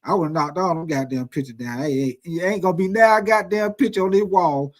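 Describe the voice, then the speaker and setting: A man's voice: fairly high pitch, brisk. A man hosting casual sports talk, emphatic and full of profanity.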